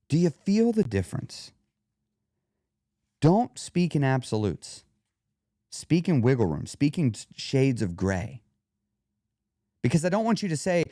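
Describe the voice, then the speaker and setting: A man hosting a weight loss podcast, coaching the listener directly in a lively monologue. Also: medium pitch, normal speed, dry recording, studio quality. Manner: animated, coaching, talks straight to the listener.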